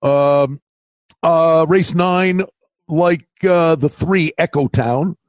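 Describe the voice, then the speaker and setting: An older man co-hosting a podcast, chatting casually and telling stories animatedly, loudly acting out the people in them. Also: on the high side, very slow, no echo. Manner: animated storyteller, acts out quotes loudly. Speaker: podcast co-host. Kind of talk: casual chat. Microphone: remote call mic.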